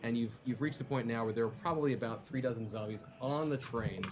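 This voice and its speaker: A man running a tabletop game on a live stream, narrating in a rambling way with lots of fillers and quick asides. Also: mid-range voice, noisy background. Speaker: game master.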